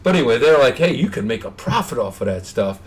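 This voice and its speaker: A man co-hosting a podcast, telling a party story with lively acted-out quotes while getting over a cold. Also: mid-range voice, fast talker, creaky. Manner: animated storyteller, acts out quotes with big swings. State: has a cold. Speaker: podcast co-host. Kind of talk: casual chat.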